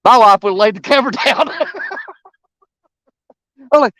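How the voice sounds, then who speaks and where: High-voiced man chatting outdoors. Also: normal speed, pushed and bright, dry recording, low-quality recording. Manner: folksy, chatty, enthusiastic. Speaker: fishing live streamer. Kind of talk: casual chat to viewers on a live stream. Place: outdoors by a river.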